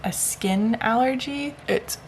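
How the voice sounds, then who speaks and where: A woman's voice: on the high side, slow pace. Young woman, new mom, casual talking vlog, rambling and chatty, filmed at home on a camera mic, faint background hiss. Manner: chatty, rambling, filler-heavy. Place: at home indoors. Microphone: camera-mounted mic.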